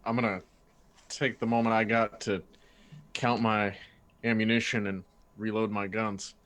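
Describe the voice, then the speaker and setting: A man playing a tabletop game, calm, with a slow drawling way of speaking. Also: on the low side. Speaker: player.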